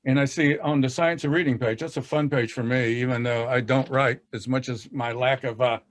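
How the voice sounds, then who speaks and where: A man's voice: mid-range voice, fairly even intonation, a little fast. A man with a Southern US accent who talks in a folksy, self-deprecating way, laughing often as he leads a casual discussion about teaching reading on a video call. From American South.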